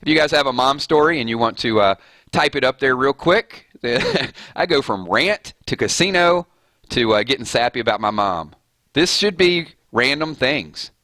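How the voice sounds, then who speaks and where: Male streamer, rambling and fired up; crisp forceful tone, close dry mic. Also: medium pitch, animated, normal speed, dry recording. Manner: fired-up, rambling, laughs often. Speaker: gaming streamer. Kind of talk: casual live-stream chat.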